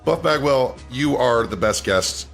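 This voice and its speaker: A man's voice: medium pitch, expressive, a little slow, creaky, a bit bright, soft background music. A man co-hosting a podcast, heaping joking praise on his guest. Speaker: podcast co-host. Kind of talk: casual chat.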